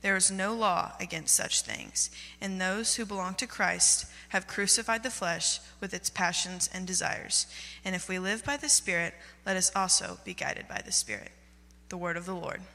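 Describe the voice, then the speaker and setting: A woman with a bright, clear voice reads scripture aloud at a measured pace. Her reading carries a long reverb through a church sanctuary. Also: lowish voice, animated. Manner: measured, deliberate. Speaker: scripture reader.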